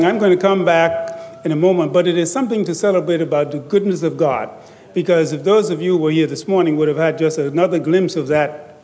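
A man acting as master of ceremonies, giving a measured, formal welcome and a public prayer at a podium microphone in a large hall. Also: on the high side, a little mellow. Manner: measured, formal, with light humor. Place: large concert hall or church. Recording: long hall reverb.

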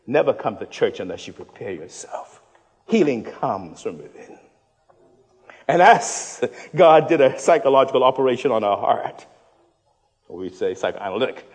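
A man with a Bahamian accent preaching a sermon, swinging from loud, rousing passages to hushed, quiet ones and joking with the congregation. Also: on the low side, slightly rough, big-room sound. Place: church hall.

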